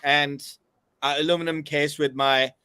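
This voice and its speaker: A man's voice: a little high, flat delivery, moderate pace, sharp tone, clear, resonant tone, dry recording. A man in his fifties, co-hosting a casual chat over a video call, boastful and swearing freely. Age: 50s. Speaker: co-host. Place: on the road, remote.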